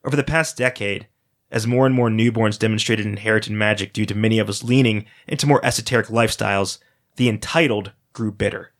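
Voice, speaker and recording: A man reading a dark first-person story aloud as a storyteller, in a dramatic, steady manner. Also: lowish voice, a little fast.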